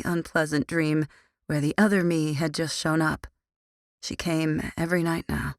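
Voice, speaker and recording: A woman narrating a young adult audiobook in the first person, her low voice full of vocal fry. She reads with a dry, sardonic edge, recorded close in a dead, dry booth. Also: fairly even intonation, moderate pace, no echo.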